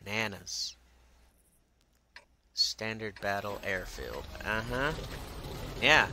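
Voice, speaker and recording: A man's voice: lowish voice, animated, takes it slowly, background noise. A man giving casual, profane, sarcastic commentary while playing a game, muttering to himself between shots. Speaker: gameplay streamer.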